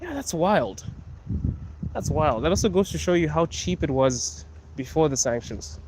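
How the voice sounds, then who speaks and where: A man's voice: on the high side, animated, normal speed. A man from Africa live-streaming as he walks outdoors through city streets, chatting casually, laughing often and answering viewers' comments. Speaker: vlogger. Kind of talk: live-streamed walking vlog. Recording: noisy outdoor street recording.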